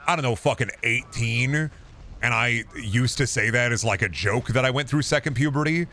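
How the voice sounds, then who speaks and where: A man in his thirties with a deep voice, chatting casually on a stream into a boom mic, rambling with many restarts and casual swearing. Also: normal speed, bright, forceful tone. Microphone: boom microphone with compressor and EQ.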